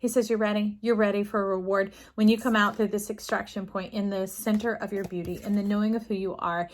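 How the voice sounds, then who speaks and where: A woman doing an intuitive tarot reading, chatting to the listener directly and drifting into lively stories. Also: medium pitch, fast talker. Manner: chatty, warm-hearted, digressive storytelling with animated quoted voices; addresses listener directly as y'all and love. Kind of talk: casual spiritual tarot reading.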